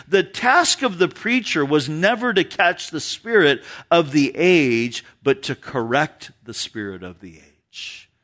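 A man's voice: high voice, a bit bright. A male pastor preaching an earnest sermon to his congregation, reading scripture aloud and explaining it verse by verse. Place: church sanctuary with a live congregation.

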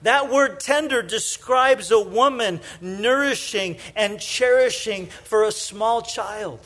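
A middle-aged man preaching a sermon in a conversational way, full of "you know" fillers, moving from lively storytelling into soft, hushed emphasis. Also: high voice, takes it slowly. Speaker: pastor.

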